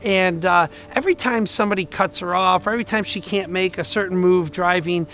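Male pastor, higher-pitched voice, casual storytelling sermon, loud one moment and hushed the next. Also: brisk. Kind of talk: conversational sermon.

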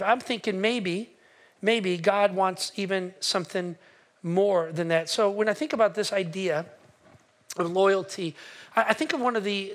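A middle-aged man, a pastor, preaching a sermon and telling a story, acting out the voices he quotes with lively exclamations. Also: high voice.

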